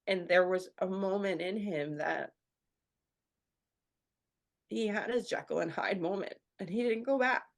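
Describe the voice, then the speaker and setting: As a radio show guest in a candid personal interview, a woman talks earnestly and leans heavily on fillers, especially "like." Her pitch is medium and her pace unhurried, with a creaky quality and long pauses.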